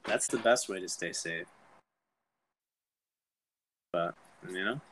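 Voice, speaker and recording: A man's voice: sits low, takes it slowly, a bit bright, a little hiss or hum, poor audio. A man co-hosting a podcast, telling a story in casual chat and laughing through his own jokes. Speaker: podcast co-host.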